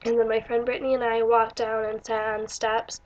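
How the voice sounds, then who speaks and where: Young woman, slightly high voice, rambling chatty vlogger, muffled lo-fi sound. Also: flat delivery, moderate pace. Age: young adult. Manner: chatty, rambling, many fillers and restarts. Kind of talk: casual storytelling vlog.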